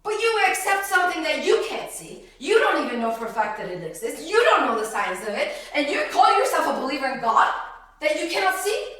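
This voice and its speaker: A woman preaching in an emphatic religious talk, laughing often and swinging between loud outbursts and hushed words. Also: high-pitched, sing-song, fairly quick. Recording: roomy, far from the mic.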